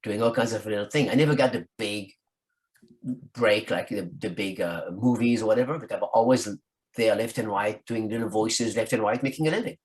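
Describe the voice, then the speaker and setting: A man with a fairly low voice, chatting as an interview guest. He tells his stories with a lot of animation and keeps slipping into the voices of the people he quotes. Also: brisk. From France. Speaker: guest, rock singer. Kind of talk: casual storytelling in an interview.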